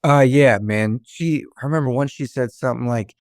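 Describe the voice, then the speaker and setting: A man's voice: mid-range voice, moderate pace, no echo, clean studio sound. Laid-back man from Atlanta. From Atlanta, Georgia, US. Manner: laid-back, self-deprecating, laughs easily. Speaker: guest, actor and comedian. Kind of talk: casual podcast chat.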